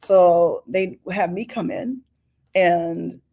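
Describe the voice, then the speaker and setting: A woman's voice: fairly low pitch, extremely slow, gravelly. A middle-aged woman from Oakland, California, chatting as a singer guest in an interview, telling stories with many fillers. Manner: lively storyteller, many fillers. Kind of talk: casual interview chat.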